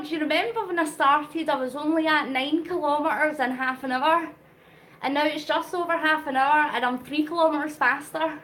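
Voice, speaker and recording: A woman's voice: sits high, normal speed, fairly bright tone, slight background noise. A woman chatting earnestly on a live stream while riding an exercise bike, slightly out of breath and talking to viewers by name. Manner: earnest, emotional, reads out viewer comments. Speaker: vlogger doing a live charity cycle.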